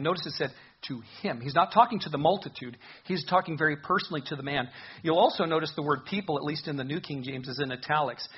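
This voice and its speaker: A man's voice: fairly high pitch, slightly rough, muffled recording. A man preaching a sermon, earnestly explaining scripture verse by verse. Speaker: pastor.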